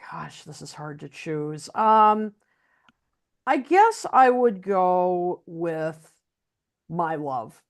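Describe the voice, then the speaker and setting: A woman's voice: fairly low pitch, expressive, extremely slow. A woman co-hosting a casual music chat, talking enthusiastically with many fillers. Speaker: podcast co-host.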